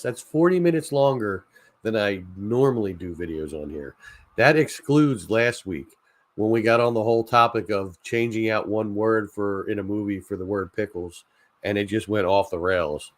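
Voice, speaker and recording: A man's voice: lowish voice, no room sound. A man hosting a casual late-night chat stream, rambling and joking, often laughing at his own ideas. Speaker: channel host.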